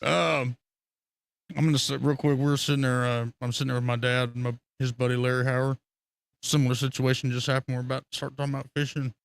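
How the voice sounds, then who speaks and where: A man's voice: medium pitch, fast talker, creaky, dry recording, clean studio sound. A man telling rambling, profane fishing stories on a casual live stream. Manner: rambling, profane, animated storytelling with laughter.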